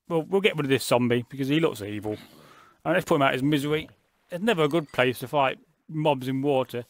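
Gaming host, slightly high voice, dry close sound, cheeky chatter over play. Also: male voice, no room sound. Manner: chatty, jokey running commentary. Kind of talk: casual gameplay commentary.

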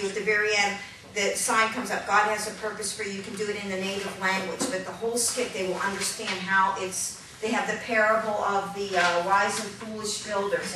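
Animated woman teaching from far off in an echoey room. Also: mid-range voice, background noise. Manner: animated, calls out to the audience and coaxes them. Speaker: puppet ministry teacher. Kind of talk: children's ministry puppet demonstration.

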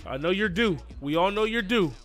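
An excitable gaming YouTuber narrates his game live in sportscaster style, cheering his players on as plays happen and tossing in "you know what I mean". His high, bright, forceful voice moves briskly over soft music.

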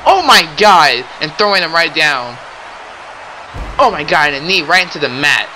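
Excitable young male wrestling commentator. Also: fairly high pitch, normal speed, noisy background. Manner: excitable, keeps exclaiming and saying ladies and gentlemen. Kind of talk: play-by-play commentary.

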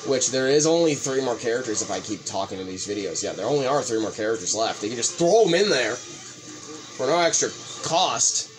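A man hosting a let's play, commentating excitedly with frequent swearing and sudden outbursts. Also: mid-range voice, brisk, faint music behind. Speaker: gaming video host.

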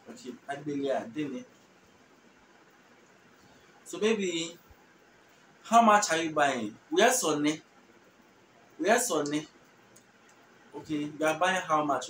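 Heard slightly distant from the microphone in a roomy space with faint noise behind him, a Ghanaian man teaches a relaxed spoken language lesson. His voice is slightly higher and fairly bright, and he goes very slowly, repeating each phrase patiently and translating.

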